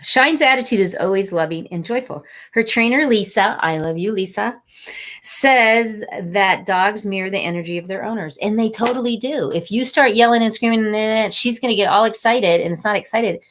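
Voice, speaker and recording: A middle-aged woman talking warmly and a little rambling as she encourages viewers during a live motivational stream. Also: medium pitch, moderate pace. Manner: warm, encouraging, rambling and conversational. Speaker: angel card reader and inspirational host.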